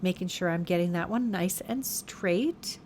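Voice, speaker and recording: A woman's voice: on the low side, measured pace, darkish tone, a little hiss or hum. A woman hosting a card-making tutorial, narrating each step in a casual, chatty way and often correcting herself mid-sentence. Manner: chatty, self-correcting, fond of her materials.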